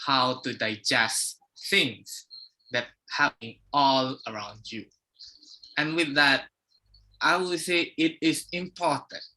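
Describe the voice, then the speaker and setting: Bright-voiced man joking on a call. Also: on the high side. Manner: jokey and talkative. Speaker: meeting participant. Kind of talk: impromptu speech. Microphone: video call.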